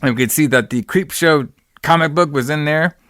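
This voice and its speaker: A man's voice: fairly high pitch, brisk, a bit bright, dry recording, studio quality. A man hosting a podcast, recapping a horror movie in casual, rambling, slangy chat and acting out quotes in exaggerated voices. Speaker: podcast host.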